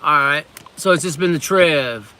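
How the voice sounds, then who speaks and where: A man's voice: fairly high pitch, measured pace, pushed and bright. A middle-aged man casually chatting on a livestream, rambling as he reviews snacks and reads out viewer comments. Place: on lunch break at a waterfront work site.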